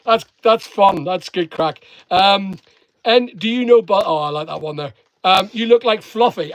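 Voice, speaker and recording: Chatty high-voiced Northern Irish man. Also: unhurried, dry recording, rough recording. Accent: mixed Northern Irish and English. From Northern Ireland. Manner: chatty, jokey, reads viewer comments and answers them. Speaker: online seller and live streamer. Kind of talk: live stream reading chat aloud.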